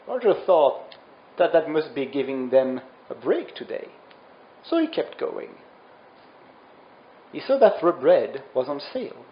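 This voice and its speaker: A man's voice: a little high, slight background noise. A man narrating a comedic dramatic reading with over-dramatic, melodramatic delivery. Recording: roomy, dull lo-fi sound. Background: music.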